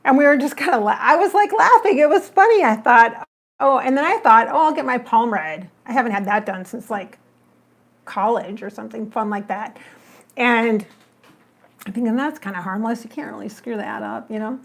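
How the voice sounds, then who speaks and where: Animated woman telling a story. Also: fairly high pitch, moderate pace, gravelly. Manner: animated, acts out her own remarks in the retelling. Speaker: psychic medium. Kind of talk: casual livestream storytelling.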